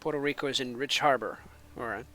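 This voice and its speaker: Faint music plays behind a fast-talking Finnish man with a mid-range, pushed and bright voice. A native Finnish speaker with American-sounding English, the esports caster fills time between matches with rambling, casual stream chatter, laughing at his own remarks.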